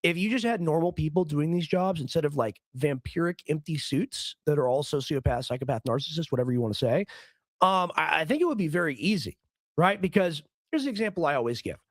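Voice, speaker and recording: A hoarse man hosting a live political stream, ranting in a rambling, heated way and often repeating his words. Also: on the high side, expressive, brisk, dry recording. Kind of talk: casual ranting commentary stream.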